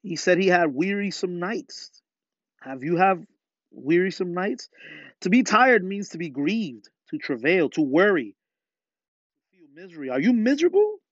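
A man's voice: high-pitched, very animated, measured pace, no echo. A man preaching a podcast sermon with fervor, often putting questions to his listeners. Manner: fervent, asks listeners rhetorical questions. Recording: dull lo-fi dry sound.

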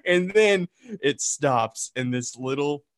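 A man casually telling a camp story on a podcast, animated and swearing as he builds suspense. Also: a little high, takes it slowly, no echo, studio quality.

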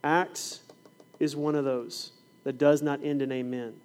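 A man's voice: medium pitch, unhurried, clean tone. A middle-aged man who is a preacher and fifth grade science teacher, telling classroom stories in a sermon and acting out the scenes. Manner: animated storyteller, acts out scenes. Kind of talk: sermon with storytelling.

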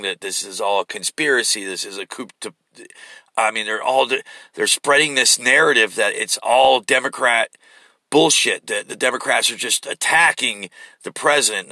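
A man tears into his subject in a blunt, profane monologue, swearing as he goes. His voice sits at an ordinary pitch but sounds very bright and forceful. The recording is dry and close. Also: dry recording. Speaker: political commentator. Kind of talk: ranting monologue.

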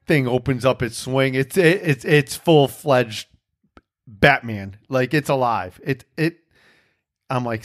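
A man's voice: mid-range voice, measured pace. A man hosting a podcast in casual chat, telling a rambling, profane story with self-mocking laughs. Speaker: podcast host.

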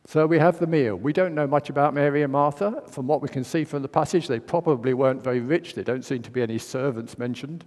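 A man's voice: medium pitch, fast talker, hardly any pauses, a little mellow. A man giving a conversational sermon, asking questions and acting out the story. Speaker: preacher. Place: church. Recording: long church reverb.

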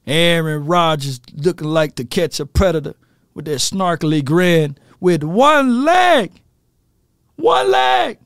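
A man's voice: a little high, dry recording, studio quality. A man ranting animatedly about football as a fan commentator, laughing at himself.

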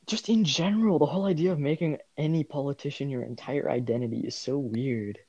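A man's voice: mid-range voice, a little fast, dark tone, slightly rough, no echo, muffled recording. A young man in casual chat as a podcast co-host, rambling and often quoting himself with a laugh.

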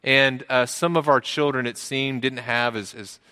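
Bright-voiced preacher in a reverberant hall. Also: male voice, steady tone, a little slow, smooth. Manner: earnest, repeats words, rises in pitch for emphasis. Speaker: pastor. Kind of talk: sermon.

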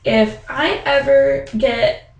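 A woman's voice: sits high, extremely slow, creaky, reverberant, dull audio. A young woman chatting casually, telling a story with lots of fillers and acting out the voices of the people in it. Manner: animated storytelling, acts out quoted voices; many fillers like "like" and "um". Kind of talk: casual chat.

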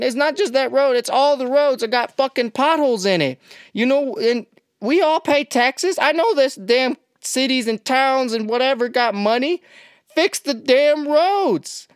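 A woman's voice: sits high, clean tone, no echo, clean studio sound. A woman hosting a podcast, ranting bluntly with heavy swearing and exasperation. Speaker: podcast host. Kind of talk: ranting monologue.

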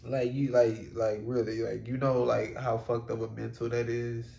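A man's voice: mid-range voice, flat delivery, normal speed, gravelly, mellow. A man talking through a solo reflective podcast monologue in a rambling, casual way, full of fillers and offhand swearing. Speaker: podcast host. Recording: roomy echo.

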